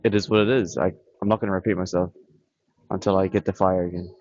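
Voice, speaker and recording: A man's voice: deep voice, flat delivery, fast, darkish tone, no echo, lo-fi sound. A man talking to a camera on a tripod in a blunt, dismissive, rambling monologue. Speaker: vlogger.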